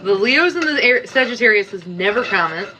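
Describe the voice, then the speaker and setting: A Canadian woman chats casually with viewers on a live stream from her kitchen, playfully scolding them while she cooks. Her medium-pitched voice is expressive and sharp, at a normal speed, with slight background noise.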